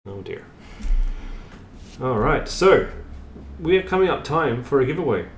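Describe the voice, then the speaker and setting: A man's voice: medium pitch, very animated, measured pace, slight background noise. A middle-aged man hosting a craft live stream in casual, self-mocking chat, laughing often. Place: home room. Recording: echoey room, faint ambience.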